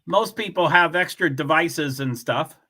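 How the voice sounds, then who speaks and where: A man's voice: on the high side, measured pace, pushed and bright. A man hosting a casual livestream, chatting with viewers and reading their comments aloud in a blunt, offhand way. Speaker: livestream host.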